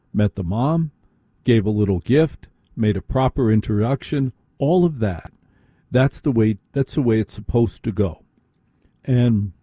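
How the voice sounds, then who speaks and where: A man's voice: medium pitch, mellow, slightly rough, no room sound. A man hosting a call-in radio show, talking bluntly and conversationally on a close studio mic. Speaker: radio talk show host. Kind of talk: opinionated radio talk.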